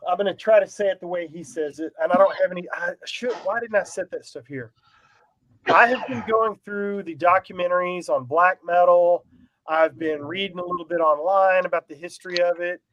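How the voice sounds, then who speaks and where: A man's voice: high voice, moderate pace, a bit bright, no echo, poor audio. A man co-hosting a casual podcast chat, rambling and self-deprecating, laughing often. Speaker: podcast co-host.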